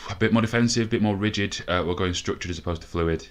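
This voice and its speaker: Man, deep voice, game commentary, frustrated, cursing, thinking aloud. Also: fast. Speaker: gaming video host. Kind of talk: let's play commentary.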